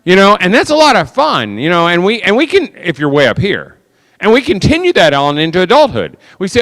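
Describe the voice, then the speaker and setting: A man's voice: sits high, brisk, long reverb tail. A man speaking to an audience as a conference speaker, telling stories and acting out other people's voices. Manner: animated, acts out quoted voices. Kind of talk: storytelling talk to an audience.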